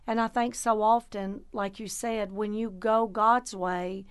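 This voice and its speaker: A woman co-hosting a faith show, telling a story in an animated way with rising emphasis. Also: medium pitch, measured pace, smooth. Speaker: co-host. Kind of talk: casual faith chat.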